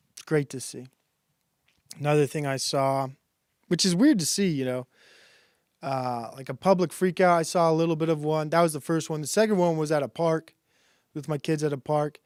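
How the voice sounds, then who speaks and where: A man in his thirties hosting a stream, giving a sarcastic, deadpan satirical monologue that rambles with restarts and swearing. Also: a little high, normal speed, pauses often, smooth, dry recording, studio quality. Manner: rambling, loose delivery with restarts. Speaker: stream host.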